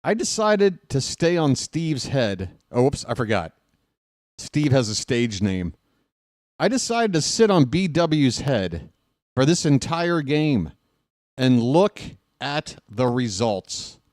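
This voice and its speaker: An excitable male play-by-play host who jokes his way through a live game and swings from shouting to mumbling. His delivery is unhurried but his pitch is very lively, and the close mic leaves the sound dry. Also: dry recording. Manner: excitable and jokey, swinging from shouted calls to mutters. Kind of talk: casual live fan commentary.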